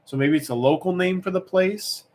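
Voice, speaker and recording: A man's voice: sits high, normal speed, a little mellow, a little hiss or hum. A young man hosting a livestream auction, chatting casually and rambling as he reads comments aloud.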